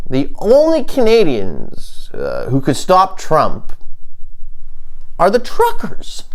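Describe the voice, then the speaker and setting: Rambling sardonic man, wildly swinging pitch. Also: vocal fry. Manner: halting, full of fillers and restarts; sardonic, deadpan jabs. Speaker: comedian host. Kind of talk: rambling comic monologue.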